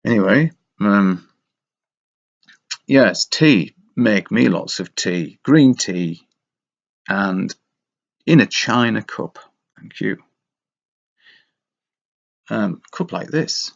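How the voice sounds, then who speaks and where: A man's voice: on the low side, lively intonation, extremely slow, creaky, pauses often. A man talking in a rambling, casual monologue, wry and self-mocking as he meanders from thought to thought, on a dull lo-fi recording. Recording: dull lo-fi sound.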